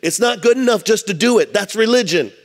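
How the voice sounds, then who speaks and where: A pastor with a high voice delivers a brisk sermon, animatedly recounting stories and performing the voices of their characters. He speaks in a church sanctuary, recorded with the reverberant sound of the hall.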